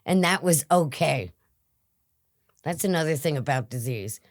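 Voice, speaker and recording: Low slow-spoken woman guest. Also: lively intonation, dry recording, studio quality. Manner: earnest and reflective, dropping to whispers. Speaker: guest in recovery. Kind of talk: interview conversation.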